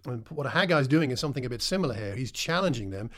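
A man's voice: medium pitch, animated, quick pace, fairly bright tone. A man preaching a sermon in a conversational way, putting questions to his listeners.

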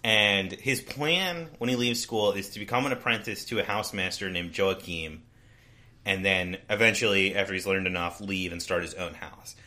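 A man's voice: sits low, moderate pace, pushed and bright. A man co-hosting a casual book discussion podcast, summarizing the plot in a rambling way with frequent restarts. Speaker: podcast co-host.

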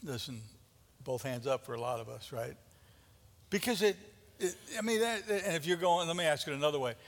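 A fairly high-voiced man preaches with animated, dramatic energy, stumbling and repeating words as he builds his points. His voice rings through a church hall with a long, trailing reverb. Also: brisk, creaky. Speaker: pastor. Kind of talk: sermon.

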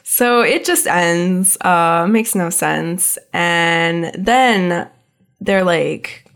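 Young woman co-host, slightly low voice, loose chatty delivery full of fillers. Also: extremely slow, a bit bright, clean tone. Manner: chatty, many fillers, laughs often. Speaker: podcast co-host. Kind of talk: casual chat.

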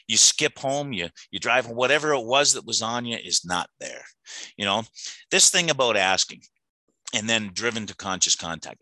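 A man's voice: medium pitch, pushed and bright, no room sound, rough recording. A middle-aged man giving an earnest, emotional personal testimony to a recovery meeting, often repeating words as he restarts his sentences.

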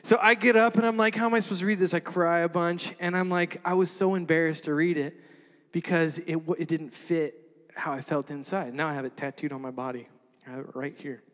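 A man telling a personal story in a sermon, animated and self-mocking, often laughing at himself. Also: on the high side, a little fast. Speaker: preacher. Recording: long hall reverb.

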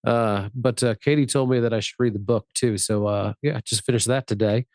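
Fairly quick and a little mellow, a man co-hosts a podcast in his mid-range voice with fairly even intonation. The clean studio recording has no echo, and his casual talk rambles along with lots of fillers and frequent laughter.

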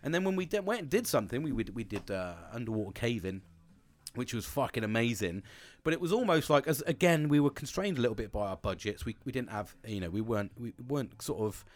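A man's voice: medium pitch, very animated, fast. A man in his forties, hosting a casual podcast monologue in a rambling, sweary, self-mocking way. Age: 40s.

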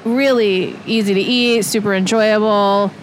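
A woman's voice: medium pitch, steady tone, unhurried, slight background noise. A woman guest chatting casually and correcting herself as she goes, on a moving streetcar. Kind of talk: casual chat. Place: riding a city streetcar.

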